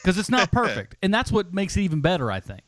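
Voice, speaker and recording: A man co-hosting a movie podcast, rambling casually with many restarts and quick laughs. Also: sits high, sing-song, fairly bright tone, no echo. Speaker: podcast co-host. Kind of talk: casual movie review chat.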